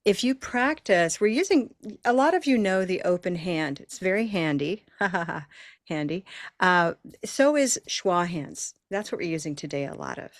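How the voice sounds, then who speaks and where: A woman's voice: fairly low pitch, lively intonation, normal speed, no room sound, clean studio sound. A woman hosting a live online pronunciation lesson, patiently drilling words in counted rhythmic beats over a video call. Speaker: pronunciation teacher and host.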